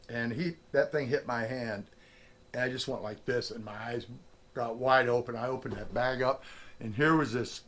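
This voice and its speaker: A middle-aged man, a prospecting vlogger, telling a story casually and acting out the lines of the people in it. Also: medium pitch. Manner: animated storyteller, acts out quotes.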